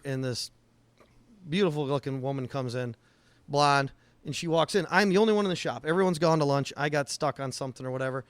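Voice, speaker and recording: Higher-pitched man telling shop stories. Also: no room sound. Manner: rambling anecdotes with acted-out quotes. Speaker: podcast co-host, auto technician. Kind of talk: casual storytelling chat.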